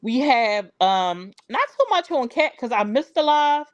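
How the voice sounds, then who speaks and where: A woman's voice: a little high, big pitch swings, unhurried, no echo, muffled recording. A young adult woman hosting a live stream in a casual, chatty way, talking straight to her viewers.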